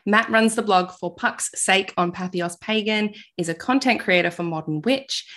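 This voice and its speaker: Australian woman, podcast host, chatty and gushing, lower-pitched voice. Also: fairly bright tone. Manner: bubbly, giggly, gushing. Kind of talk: casual interview chat.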